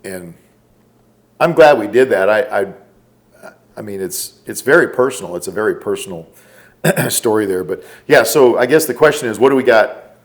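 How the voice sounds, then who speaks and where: A middle-aged man, a podcast guest, telling stories casually and quoting the people in them. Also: fairly low pitch. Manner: relaxed, drawn-out storytelling with quoted dialogue. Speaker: podcast guest, former special forces operator. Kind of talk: casual storytelling.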